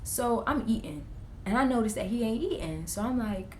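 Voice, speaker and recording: A woman's voice: fairly high pitch, moderate pace, a little hiss or hum. A young woman, chatting casually in a get-ready-with-me vlog and acting out family members' lines as she tells the story. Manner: animated, acts out family members' lines in quotes. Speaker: vlogger. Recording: echoey room.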